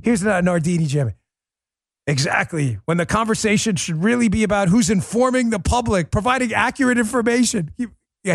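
A man's voice: sits high, dry recording, studio quality. A male podcast host giving political commentary in a sarcastic, mocking and emphatic way.

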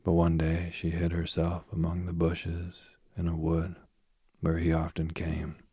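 A man reading an old myth aloud, soft and husky, often dropping to a whisper. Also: low-pitched, completely flat delivery, measured pace, no echo, clean studio sound. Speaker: storyteller.

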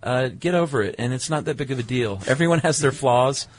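A man's voice: mid-range voice, a little fast. A middle-aged man co-hosting a podcast, chatting casually and reading listener mail in an easygoing way. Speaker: podcast co-host. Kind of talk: casual chat.

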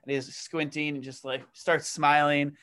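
A man co-hosting a sports podcast, telling an anecdote in an animated, laughing way. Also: on the high side, unhurried, clean tone. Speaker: podcast co-host. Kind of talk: casual chat.

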